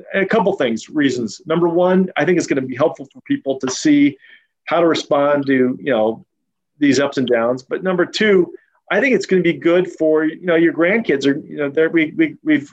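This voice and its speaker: A man's voice: a little high, muffled recording. A man hosting a podcast interview, talking in a casual, rambling way with many fillers and restarts. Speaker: podcast host.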